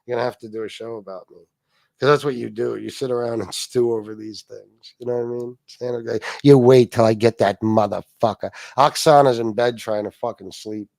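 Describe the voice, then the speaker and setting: Man, middle-aged, livestream host, swearing rant, medium pitch, dry sound. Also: steady tone, fairly quick, creaky, no room sound. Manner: mocking, swearing, addresses viewers directly. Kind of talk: casual profane rant.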